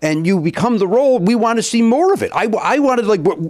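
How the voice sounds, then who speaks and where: A man's voice: sits high, sing-song, brisk, a little mellow. A man hosting a comedy podcast in casual chat, enthusiastic and swearing for emphasis. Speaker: podcast host.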